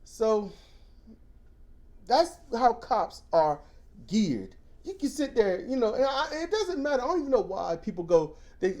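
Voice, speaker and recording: Male co-host, casual ranting storyteller, mellow dark voice, very lively pitch, mocking quotes. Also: a little slow. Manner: animated storytelling, swings into loud mocking quotes. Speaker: podcast co-host.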